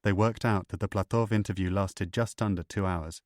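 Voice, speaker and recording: A man narrating an audiobook in a measured, even storytelling manner, over loud background music. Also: low voice, no room sound, studio quality. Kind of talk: scripted narration. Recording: loud music bed under voice.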